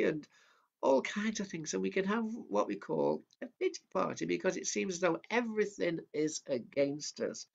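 A man preaching at a family service, telling a Bible story in a gentle, simple way. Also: high voice, animated, moderate pace, creaky. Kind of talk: children's sermon storytelling. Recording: dull lo-fi sound.

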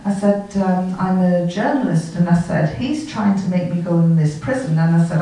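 A woman giving a storytelling talk, recalling events and acting out the dialogue in a lively way. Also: fairly low pitch, normal speed. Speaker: guest speaker. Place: lecture hall. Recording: far from the mic, very echoey hall.

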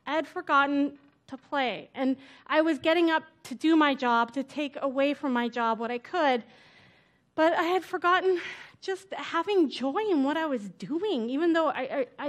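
A woman speaker at a conference, telling her story in a relaxed, chatty way full of "like" and "right?". Her voice sits noticeably high. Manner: casual, chatty, lots of "like" and "right?". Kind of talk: conference talk. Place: conference stage before an audience.

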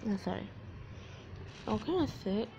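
A woman's voice: mid-range voice, expressive, unhurried, creaky, highs cut off. A woman hosting a casual let's-play, chatty and jokey with rambling asides, music mixed under her voice. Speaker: gaming channel host.

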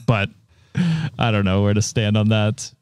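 Male podcast co-host, lowish voice, dry close sound, hesitant and chatty. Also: little pitch movement, moderate pace, a little mellow, clear, resonant tone, no echo. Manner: hesitant, trails off with ums. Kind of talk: casual chat reacting to a reddit post.

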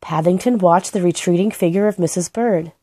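A woman reading a children's book aloud, in a gentle and expressive storytelling manner. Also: on the low side, a little fast, slightly rough. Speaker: storybook reader.

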